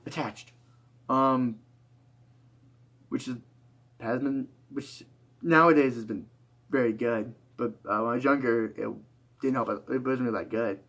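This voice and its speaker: A tired young YouTuber with a medium-pitched, fairly bright voice talks through a rambling, reflective monologue. His speech is full of fillers and restarts.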